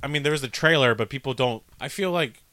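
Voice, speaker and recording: A man's voice: mid-range voice, quick pace, no echo. A man co-hosting a movie podcast, ranting and swearing as he picks the film apart in casual chat. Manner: ranting, heavy swearing, animated. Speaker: podcast co-host.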